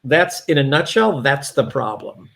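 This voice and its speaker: A man's voice: medium pitch, sing-song, unhurried, gravelly, a bit bright. A man, a yoga therapist, chatting candidly as an interview guest with many restarts. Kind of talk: casual conversational interview.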